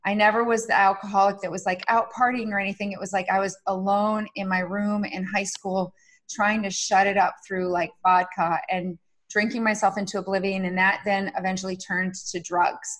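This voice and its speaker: A woman's voice: medium pitch, flat delivery, normal speed. A middle-aged woman guest on a podcast interview, talking candidly and earnestly, with frequent fillers. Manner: earnest, confessional, uses many fillers.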